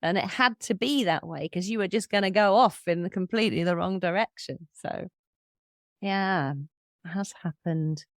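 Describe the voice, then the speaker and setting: Gravelly reflective woman in her fifties. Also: on the low side, moderate pace, no room sound, studio quality. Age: 50s. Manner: candid, storytelling, thoughtful with soft laughs. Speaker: podcast host and medium. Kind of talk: reflective interview conversation.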